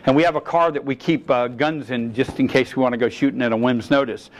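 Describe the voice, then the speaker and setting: A man's voice: mid-range voice, fairly even intonation, fast talker, rough recording. A middle-aged man, a firearms instructor, giving a seminar lecture and telling stories from his own experience. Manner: storyteller, acts out both sides of dialogue. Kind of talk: seminar lecture with personal anecdotes.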